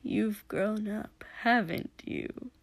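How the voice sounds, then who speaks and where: A woman voicing a scarred, menacing young man who speaks in slow, hushed, breathy tones with eerie cackles. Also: mid-range voice.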